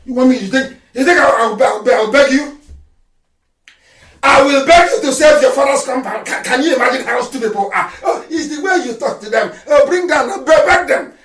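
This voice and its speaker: A fiery, scornful man with a Nigerian accent and a high voice gives a live address, often shouting. He stands well back from the mic in a room that rings with echo. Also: expressive, fairly quick. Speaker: political activist leader addressing followers. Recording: echoey room, speaker far from the mic.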